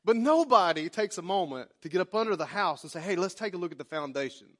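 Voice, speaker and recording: A pastor in his forties with a drawl delivers a sermon like a casual chat, slipping into little acted-out asides. His voice sits a touch high for a man. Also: lively intonation, quick pace. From Oklahoma. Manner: folksy, conversational preaching with acted-out asides.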